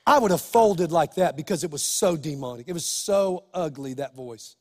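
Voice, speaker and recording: High-voiced preaching man. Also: animated, normal speed, big-room sound. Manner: impassioned, builds to shouting. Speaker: pastor. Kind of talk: sermon.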